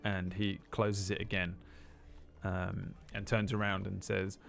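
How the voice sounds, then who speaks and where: A man's voice: deep voice, flat delivery, slow, vocal fry, fairly bright tone. A man narrating a tabletop game as game master in a casual manner, with frequent fillers. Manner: casual, with many ums and uhs.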